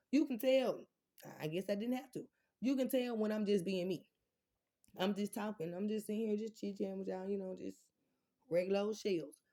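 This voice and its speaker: A woman with a mellow, warm voice talks straight to her viewers from home. Her talk is loose and unscripted, full of blunt swearing, and it wanders from one thought to the next. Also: mid-range voice. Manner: blunt, profane, rambling, speaks straight to viewers. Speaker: vlogger talking to viewers. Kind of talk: casual unscripted livestream chat.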